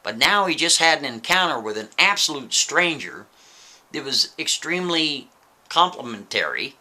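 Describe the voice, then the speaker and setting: A man's voice: fairly high pitch, very animated, normal speed, sharp tone. A man telling a story in a casual, chatty way, often checking in with the listener with "right?" asides.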